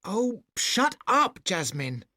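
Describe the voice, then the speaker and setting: An actor playing a jealous, sulking adult boyfriend in a scripted textbook dialogue, snapping short retorts. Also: male voice, high voice, very animated, takes it slowly, pushed and bright, no room sound, clean studio sound, exaggerated voice. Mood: irritated.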